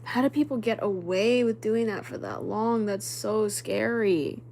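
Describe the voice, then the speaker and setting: A woman's voice: mid-range voice, unhurried, vocal fry, slight background noise. A young woman in her twenties hosting a casual livestream, chatting and reading viewer comments, now and then dropping to a whisper. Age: young adult. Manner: chatty, animated, drops to whispers when spooked. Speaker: livestream host.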